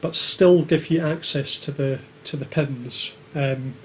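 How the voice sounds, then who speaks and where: A man's voice: mid-range voice, steady tone, slow pace, slight background noise. Hesitant man in a casual livestream chat. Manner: hesitant, with many filler ums. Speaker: co-host of a maker livestream.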